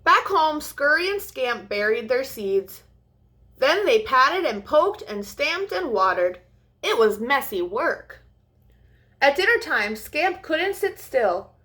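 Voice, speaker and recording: A woman's voice: high-pitched, sing-song, slow, bright, forceful tone. Sing-song storytime woman. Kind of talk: reading a picture book aloud.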